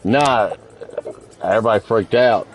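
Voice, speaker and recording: Over faint background music, a gaming streamer chats casually and crudely with friends during a multiplayer game, teasing them and telling rambling stories. His voice is lowish and his pace measured.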